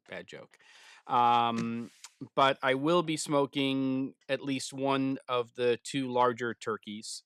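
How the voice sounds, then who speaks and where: Male live-stream host, loose and chatty, smooth voice, dry close mic. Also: mid-range voice, no echo. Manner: relaxed and rambling, reading out chat comments. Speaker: YouTube channel host. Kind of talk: casual live stream chat. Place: barn.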